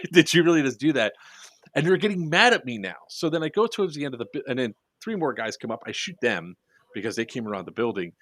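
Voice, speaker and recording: Male storyteller for podcast chat, animated, acts out quotes, swears freely, mid-pitched, dry close sound. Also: fast talker, no echo. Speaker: airsoft podcast speaker.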